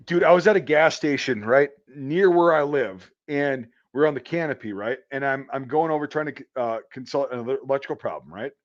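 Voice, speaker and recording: A man's voice: mid-range voice, fairly quick, hardly any pauses, lo-fi sound. A man who works as an electrician, telling a rambling work story in casual chat, swearing often and stumbling over fillers. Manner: profane, rambling, full of fillers.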